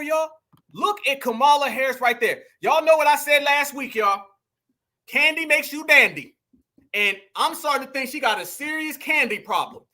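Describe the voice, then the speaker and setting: Animated, high-voiced political commentator. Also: moderate pace. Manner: animated, exclamatory, addresses viewers as family and y'all. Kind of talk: heated commentary vlog.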